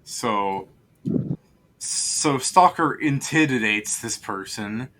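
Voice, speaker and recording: A man's voice: medium pitch, expressive, takes it slowly, noisy background. A man running a tabletop game as game master, dry and teasing, stopping to ask his players questions.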